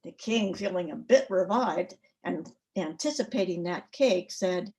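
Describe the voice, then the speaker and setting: A woman storyteller at a story swap, telling a folk tale with an expressive, rhythmic cadence. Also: on the low side, measured pace.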